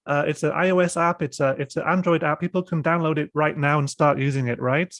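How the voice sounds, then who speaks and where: A British man hosting a webinar discussion and software demo, speaking with many fillers and restarts over a video call. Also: fairly high pitch, steady tone, fairly quick, no room sound. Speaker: host.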